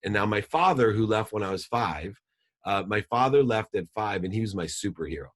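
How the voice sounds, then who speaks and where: Podcast guest, man in his 50s, lowish voice, quick emphatic storyteller who repeats lines for punch. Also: lively intonation. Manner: fast, emphatic, repeats phrases for effect. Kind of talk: personal storytelling in an interview.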